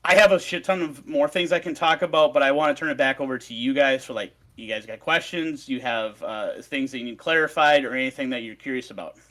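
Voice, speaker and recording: A man's voice: mid-range voice, brisk, hardly any pauses, a bit bright. A man on a podcast, recounting a story in a swearing, ranting casual chat. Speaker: podcast co-host presenting research.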